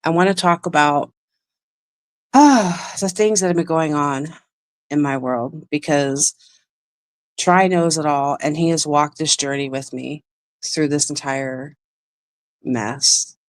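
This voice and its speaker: A woman's voice: sits low, slow, long pauses, dry recording. A woman hosting a livestream, telling a personal story in a rambling, emotional way and breaking off to greet chat viewers. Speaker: livestream host.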